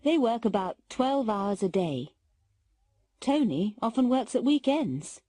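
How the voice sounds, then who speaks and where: A British woman narrating a textbook story in a clear, careful reading style. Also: fairly high pitch, very animated, measured pace, dark tone, no room sound.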